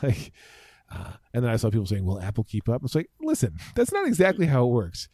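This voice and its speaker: Mellow-voiced man chatting casually. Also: medium pitch, wildly swooping pitch, brisk, dry recording. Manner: rambling, self-interrupting, jokey. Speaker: podcast co-host. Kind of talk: casual tech chat.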